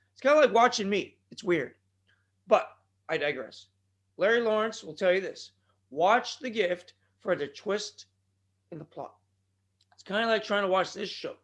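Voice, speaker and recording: Male podcast host, high-pitched voice, rambling and digressive, bursts of shouting, scratchy throat. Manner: digressive, with sudden loud outbursts. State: throat bothering him. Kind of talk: rambling solo podcast talk.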